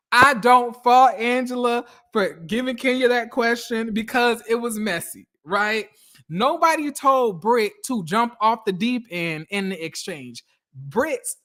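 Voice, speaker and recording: A woman giving blunt, profane, animated commentary as she recaps a reality TV episode. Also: fairly high pitch.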